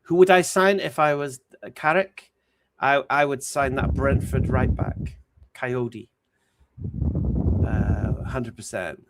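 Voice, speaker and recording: A man hosting a casual livestream, answering viewer questions in a relaxed, hesitant way with many ums and restarts. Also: mid-range voice, slow pace. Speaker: livestream host. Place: home streaming setup. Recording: steady background noise.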